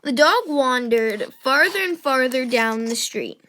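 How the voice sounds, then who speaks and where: A woman reads a children's storybook aloud in a high, light voice. She takes her time, unhurried and gentle, and gives each line expression. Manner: slow, gentle and expressive, voicing characters. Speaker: children's book reader. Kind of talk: read-aloud storybook narration.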